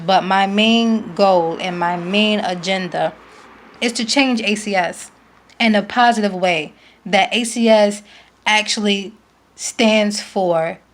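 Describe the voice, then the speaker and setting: A woman, making an earnest, pleading appeal to camera as a parent, repeating her points for emphasis. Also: mid-range voice. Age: 20s. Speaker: vlogger, parent. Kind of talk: emotional direct-to-camera appeal.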